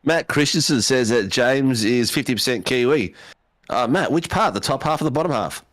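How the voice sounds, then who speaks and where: A man's voice: medium pitch, expressive, moderate pace, fairly bright tone, no room sound. A man hosting a sim racing stream, joking and teasing with lots of fillers. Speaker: sim racing broadcast host. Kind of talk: casual banter on a stream.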